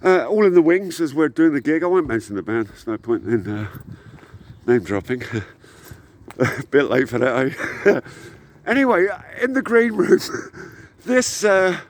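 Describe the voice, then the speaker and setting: A man's voice: a little high, animated, measured pace. Rambling, heated man in his sixties. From England. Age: 60s. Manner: heated and rambling, full of hesitations. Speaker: rock musician and vlogger. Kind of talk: ranting monologue to camera.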